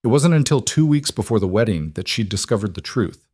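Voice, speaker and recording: A man giving a scripted narration of a romance story in a steady, even way. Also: fairly low pitch, a little fast, slightly rough, dry recording, studio quality.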